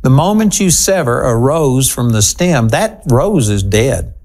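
Male TV preacher, mid-pitched, very animated delivery, dramatic pauses. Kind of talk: televised sermon.

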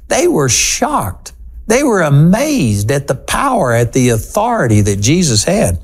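A man preaching a televised sermon, animated and dramatic, acting out voices with slow, drawn-out pauses. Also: a little high.

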